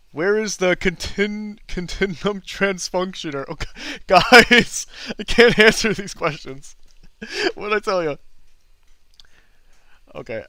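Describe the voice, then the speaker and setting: A man with a bright, crisp voice chats casually while he draws and answers viewers' questions. He is easygoing and self-deprecating, and he chuckles often. The sound is dry and close, with no room echo. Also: medium pitch. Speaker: artist streaming drawing requests and Q&A. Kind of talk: casual livestream chat.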